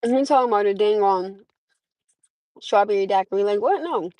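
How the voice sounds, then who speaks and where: A woman's voice: mid-range voice, brisk, warm tone, no room sound, poor audio. A tired woman hosting a casual livestream, chatting bluntly and swearing freely. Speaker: livestream host. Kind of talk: casual chat.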